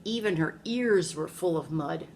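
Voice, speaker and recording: A woman's voice: deep voice, a little slow, background noise. A woman, a preschool teacher, reading a picture book aloud to young children in a classroom and asking them questions along the way. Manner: animated storytelling, asks the children questions.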